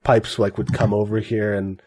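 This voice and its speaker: A man's voice: lowish voice, flat delivery, normal speed, a crowd in the background. Man, game master, tabletop game, casual narration, fillers, restarts.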